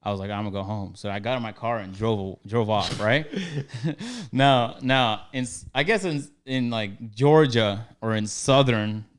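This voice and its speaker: Young guy on a podcast telling a story, lively, slangy, average pitch. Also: unhurried. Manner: animated, acts out both sides of the story with slang. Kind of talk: casual storytelling chat.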